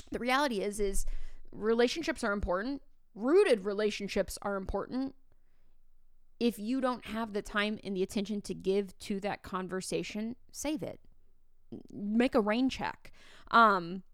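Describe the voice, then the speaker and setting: A woman's voice: medium pitch, unhurried, smooth, no room sound, studio quality. A woman in her thirties, a teacher hosting a podcast, telling a story in a casual way and acting out the dialogue with lots of fillers. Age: 30s. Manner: animated, acts out quoted dialogue, many fillers.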